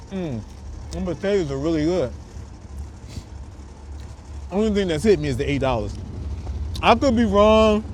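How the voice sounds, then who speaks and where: Dude with a high voice doing a laid-back food review outside, bit of traffic noise behind him. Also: male voice. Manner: laid-back slangy talk to viewers. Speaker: food vlogger host. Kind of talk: casual food review vlog. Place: outdoors on a windy city street.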